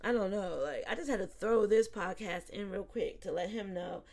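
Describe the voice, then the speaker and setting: A woman in her forties hosting a psychic podcast, chatting casually with listeners, laughing often and dropping to a soft, quiet voice when reflective. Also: medium pitch, moderate pace. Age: 40s.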